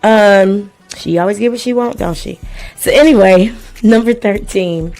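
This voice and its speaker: A woman's voice: medium pitch, unhurried, darkish tone, faint music behind. Blunt, profane woman livestream host. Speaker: live stream host. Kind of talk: live commentary on a lawsuit.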